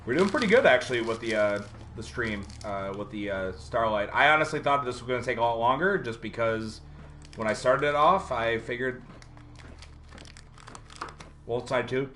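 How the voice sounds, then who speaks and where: A man's voice: mid-range voice, steady tone, normal speed, long pauses, pushed and bright, slight background noise. A man streaming a video game live, chatting casually and rambling with many fillers while answering viewers.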